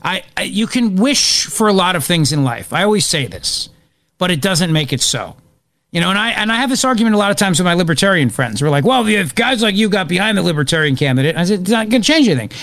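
A man hosting live political talk radio, excitable and opinionated, rambling as he reacts to events. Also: high voice, fast, no room sound. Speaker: radio talk show host.

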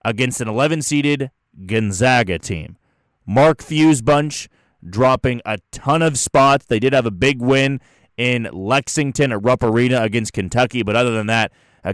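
Mid-range and a bit bright, this man's clean-toned voice comes through a dry recording with clean studio sound. As a sports podcast host on his own show, he dissects a tournament bracket opinionatedly and chattily, with restarts and fillers.

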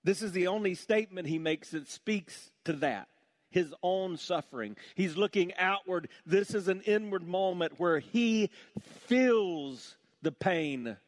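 A man preaching a sermon with passion, dropping to a hushed voice on heavy points. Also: high voice, expressive, a little slow. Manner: impassioned, drops to a hush on heavy points. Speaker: pastor.

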